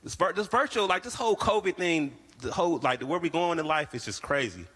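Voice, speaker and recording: A young man from the Bay Area performing a stand-up comedy set, telling stories and acting out other people's lines in a higher voice. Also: brisk, husky, in a large hall. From Bay Area, California. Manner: animated storytelling, acts out friends' voices in a higher pitch.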